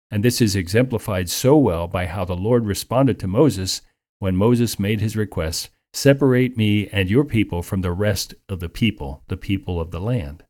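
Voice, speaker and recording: A man preaching a sermon in an earnest, measured way, lifting his voice for emphasis. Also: fairly low pitch, darkish tone.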